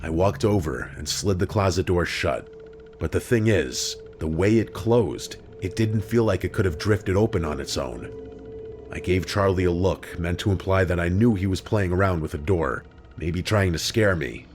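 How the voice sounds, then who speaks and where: A man reading a scripted true horror story in a steady, even storytelling manner. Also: low voice, moderate pace, soft background music. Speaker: story narrator.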